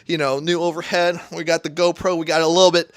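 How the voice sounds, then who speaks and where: High-voiced, profane, hyped young man. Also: level tone, quick pace. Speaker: cooking streamer. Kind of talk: casual livestream cooking chat. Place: home kitchen. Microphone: neck-mounted camera.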